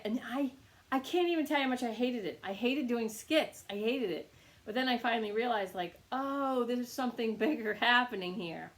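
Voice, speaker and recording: A woman reiki teacher telling a casual teaching anecdote, animated and laughing often. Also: fairly high pitch. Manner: animated storytelling with frequent laughs.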